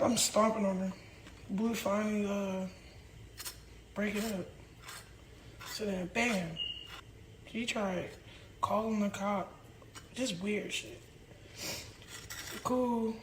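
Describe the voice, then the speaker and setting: A young woman telling a heated, profane story fast and animatedly, acting out what others said. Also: mid-range voice, a little hiss or hum. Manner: profane, rapid, animated, acts out quotes. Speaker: reality star telling her side. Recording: echoey room.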